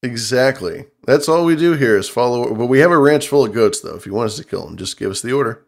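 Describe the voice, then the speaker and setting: A man's voice: mid-range voice, expressive, fast talker, gravelly. A man co-hosting a casual livestream chat, swearing freely and cracking puns. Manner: profane, joking, punning. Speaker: co-host.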